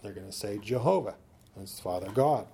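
A man teaching a sermon in a conversational, coaching way, often checking in with "okay?" and slowing down to read scripture aloud. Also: on the low side, animated, noisy background.

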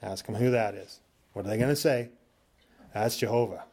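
A man teaching a sermon in a conversational, coaching way, often checking in with "okay?" and slowing down to read scripture aloud. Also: fairly low pitch, darkish tone, breathy edge.

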